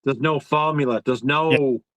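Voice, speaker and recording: A man co-hosting a casual film review chat. He is animated and often repeats himself. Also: fairly high pitch, a little slow, no room sound, rough recording.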